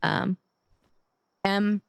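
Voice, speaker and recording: A woman's voice: drawn-out words, dry recording, studio quality. A woman streamer chatting casually while gaming, affectionate and gushing, cursing now and then.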